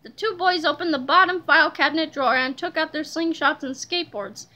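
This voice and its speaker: A woman narrating a children's book aloud in a lively storytelling manner. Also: high voice, fairly quick. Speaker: reader.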